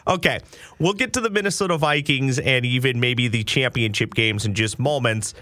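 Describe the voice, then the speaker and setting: A man hosts a sports podcast, chatty and joking. His voice is bright and forward. The sound is dry and close to a studio mic. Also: medium pitch, moderate pace, dry recording. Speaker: podcast host. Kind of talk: casual sports podcast chat.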